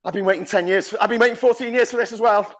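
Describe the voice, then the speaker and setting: A man live streaming at a crowded party, cheering, shouting greetings and chatting excitedly, getting hoarse. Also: high voice, very fast, dry recording, low-quality recording. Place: crowded indoor party venue.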